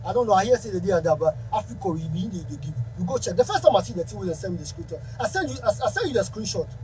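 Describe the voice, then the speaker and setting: A man's voice: high-pitched, sing-song, racing, over music, low-quality recording. A man speaking Ghanaian Pidgin English, a musician ranting angrily to camera in a heated, confrontational way. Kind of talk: angry rant to camera.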